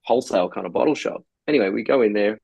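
A man's voice: lowish voice, racing, gravelly, darkish tone, husky, no echo, muffled recording. A man in casual podcast chat, telling long rambling anecdotes with casual swearing. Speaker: brewery co-founder guest.

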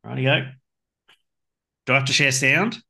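A man's voice: medium pitch, a little slow, vocal fry, pushed and bright. A man in his forties chatting casually as a podcast co-host, telling rambling stories and swearing freely. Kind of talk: casual chat.

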